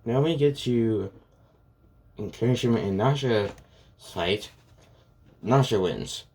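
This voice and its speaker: A man's voice: mid-range voice, takes it slowly, a little mellow. A man casually retelling a fan story, rambling and filling gaps with "and yeah" and "pretty much".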